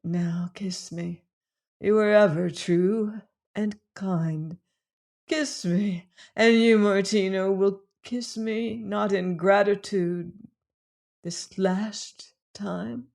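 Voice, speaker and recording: A man voicing a dying young woman in an audiobook, speaking in faint, breathy, pleading murmurs. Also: sits high, fairly even intonation, takes it slowly, a little mellow, full character voice. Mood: hushed. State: dying, weak. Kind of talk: audiobook character reading.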